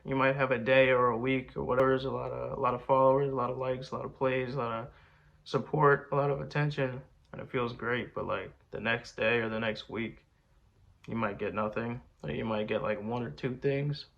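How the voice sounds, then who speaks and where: A man's voice: medium pitch, steady tone, brisk, vocal fry. Rambling boastful young man, lo-fi. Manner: rambling, boastful, slangy with lots of "bro" and "man". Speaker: rapper answering fan questions. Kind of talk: casual chat.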